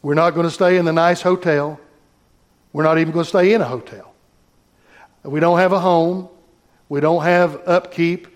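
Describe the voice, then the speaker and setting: A man's voice: fairly high pitch, fairly even intonation, moderate pace, pauses often. A man pastor preaching a sermon, reading scripture aloud and talking directly to his congregation.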